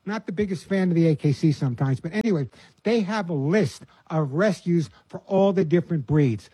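Earnest older radio pet-advice host, dry mic. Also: male voice, on the high side, fairly quick, dark tone, breathy edge, no echo. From New York. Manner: earnest, folksy, repeats words when starting phrases.

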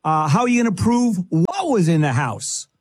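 A man's voice: high-pitched, wildly swooping pitch, moderate pace, darkish tone, husky, no room sound, studio quality. A man hosting a call-in legal advice show, talking bluntly and impatiently and cutting the caller off to press for the point. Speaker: legal advice radio host.

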